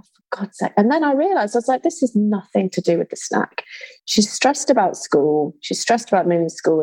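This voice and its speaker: A woman's voice: medium pitch, a little mellow, dry recording, poor audio. A woman hosting an interview, speaking thoughtfully and in a casual, reflective way. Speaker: podcast host.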